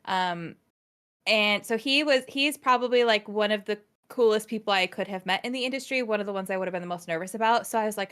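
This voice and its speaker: A woman co-hosting a gaming podcast, telling an anecdote in an excitable, breathless rush and quoting herself often. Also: mid-range voice, fast talker. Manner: excitable, breathless storytelling with quoted self-talk. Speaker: podcast co-host. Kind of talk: casual chat.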